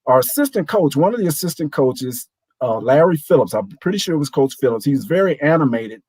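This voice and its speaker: A man in his sixties, a show guest, telling a lively anecdote and acting out the voices of people in it. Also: a little high, a little fast, slightly rough, no room sound, low-quality recording. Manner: animated, acts out quoted voices. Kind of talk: storytelling anecdote.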